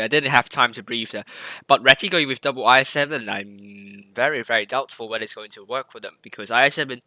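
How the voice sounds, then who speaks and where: A man's voice: mid-range voice, brisk, pushed and bright, no echo. A man casting a competitive online tank game live, talking through the play with rambling restarts and self-corrections. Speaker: esports caster.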